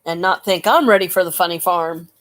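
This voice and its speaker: A woman's voice: lowish voice, a little fast, a bit bright, a little hiss or hum. A woman chatting in a rambling vlog monologue, laughing often and cursing with folksy slang, recorded on a computer webcam.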